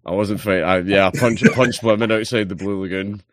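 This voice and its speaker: A man's voice: lowish voice, steady tone, a little fast, no echo, studio quality. Swearing Scottish man telling stories. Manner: swearing storyteller. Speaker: podcast guest. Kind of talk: casual chat.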